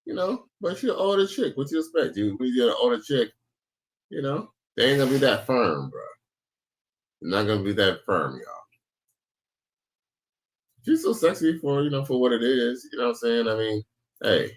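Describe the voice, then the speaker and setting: A man's voice: mid-range voice, big pitch swings, moderate pace, long pauses. A man hosting a reaction video, talking in a laid-back, slangy way. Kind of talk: casual reaction commentary.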